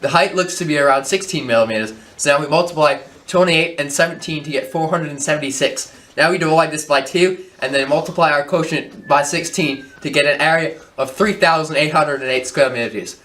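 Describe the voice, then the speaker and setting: Male mock reporter with a slightly high voice, playful documentary-spoof delivery. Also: a little fast, hardly any pauses, a bit bright. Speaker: field reporter.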